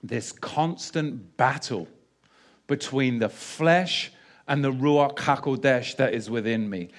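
A man with a mid-range voice preaches a sermon at a slow pace. He alternates loud, emphatic bursts with quieter readings of scripture, leaning heavily on rhetorical questions and repeated phrases.

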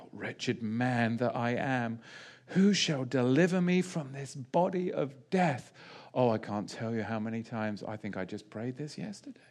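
A man preaching a verse-by-verse sermon, asking his listeners rhetorical questions and pausing on key phrases. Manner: animated, pitch swings widely, asks the audience rhetorical questions. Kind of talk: sermon teaching.

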